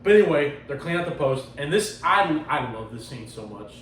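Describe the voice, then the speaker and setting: A man's voice: on the high side, sing-song, brisk, fairly bright tone. A man hosting a casual podcast, animatedly retelling a comic book story with lots of swearing and acted-out quotes. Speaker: podcast host. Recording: roomy sound from a distant mic with faint noise.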